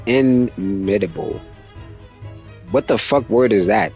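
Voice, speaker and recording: A man's voice: medium pitch, brisk, darkish tone, soft background music. A young man casually commentating gameplay, laid-back and slangy, swearing often. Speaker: gaming streamer.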